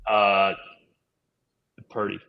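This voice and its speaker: A man's voice: fairly low pitch, monotone, extremely slow, vocal fry, smooth, muffled recording. A man co-hosting a sports betting podcast, giving blunt, matter-of-fact takes on the numbers. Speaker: podcast co-host. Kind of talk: casual sports betting chat.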